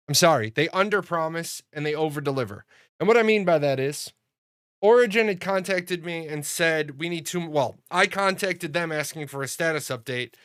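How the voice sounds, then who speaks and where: A man's voice: a little high, sharp tone, smooth, no room sound, studio quality. A man streaming live and chatting casually, telling stories in a rambling way with plenty of swearing and restarts. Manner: rambling storyteller, swears freely, frequent restarts. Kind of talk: casual livestream chat.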